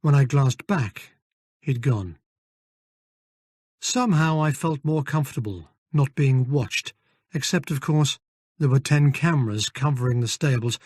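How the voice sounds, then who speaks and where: A man's voice: medium pitch, a little mellow, no echo. Man narrating an audiobook, dry sound. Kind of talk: scripted first-person narration. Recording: dry close studio recording.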